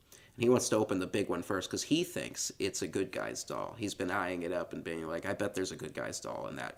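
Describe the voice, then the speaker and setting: A man co-hosting a podcast, retelling a film scene by scene in a relaxed, laughing, casual way. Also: sits low. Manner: relaxed storytelling, laughs often, swears casually. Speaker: podcast co-host. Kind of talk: casual film recap chat.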